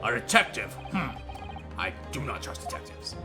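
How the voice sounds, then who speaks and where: A streamer voicing a gruff, curt older male passenger who barks at intruders, over game music. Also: medium pitch, very animated, moderate pace, voice pushed down, close to an everyday voice. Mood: hostile. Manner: curt, shouting.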